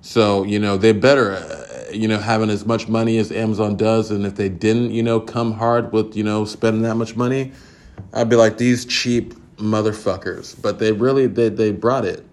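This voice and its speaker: Profane, rambling podcast man with lowish voice. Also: steady tone, normal speed, darkish tone. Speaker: podcast host. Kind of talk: casual solo review.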